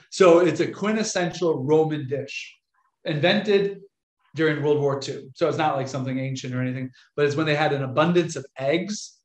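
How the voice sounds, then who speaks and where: Speaking in an echoey room, a young Catholic priest from America tells stories to an audience in a relaxed lecture. His voice sits slightly high, and he's chatty and animated, slipping into the voices of those he quotes.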